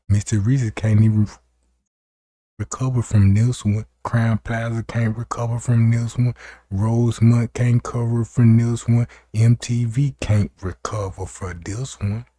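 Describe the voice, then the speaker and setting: A man's voice: lowish voice, warm tone, breathy edge, dry recording. A man hosting a live stream, talking to his viewers in a hyped, chatty way. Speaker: livestream host. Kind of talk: casual livestream commentary.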